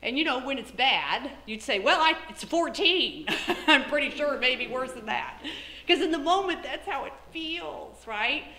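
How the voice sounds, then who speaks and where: A middle-aged woman giving a motivational talk as keynote speaker, animated, acting out her own thoughts in lively asides. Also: high voice, normal speed, echoey room. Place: lecture hall.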